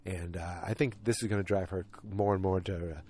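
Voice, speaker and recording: Low-voiced man rambling through a recap. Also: steady tone, fast, darkish tone. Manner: rambling, with many fillers and restarts; self-deprecating. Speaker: podcast host. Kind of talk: casual episode recap.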